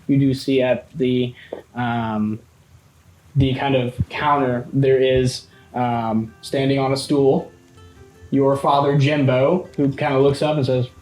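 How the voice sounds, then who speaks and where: A man's voice: mid-range voice, little pitch movement, slow, a little mellow, echoey room, soft background music, rough recording. A man running a tabletop game as game master, narrating in a loose, chatty way.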